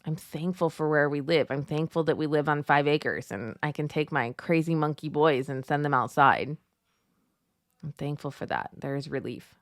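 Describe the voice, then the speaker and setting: Lower-voiced woman hosting a devotional talk. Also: normal speed, no echo, studio quality. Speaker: podcast host.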